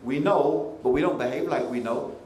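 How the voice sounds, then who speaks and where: A man from the United Kingdom preaching a lively, conversational sermon to young people, full of asides. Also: mid-range voice, normal speed. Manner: animated, conversational, frequent asides. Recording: echoey hall, faint ambient noise.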